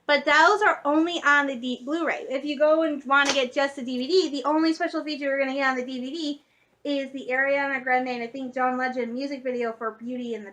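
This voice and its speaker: High bright excitable young woman vlogger. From Michigan. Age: young adult. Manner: excitable, gushing fan talk with many fillers. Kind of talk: casual vlog chat.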